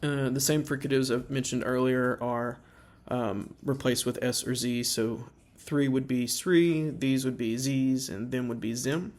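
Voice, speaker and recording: A man giving an informal slideshow presentation, halting with many fillers and slowing down to sound out example words. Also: mid-range voice, flat delivery, a little mellow.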